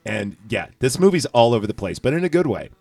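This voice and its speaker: A man's voice: medium pitch, big pitch swings, fast talker, gravelly, darkish tone, no room sound. A man hosting a casual movie recap chat, rambling with lots of fillers and profanity. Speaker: podcast host.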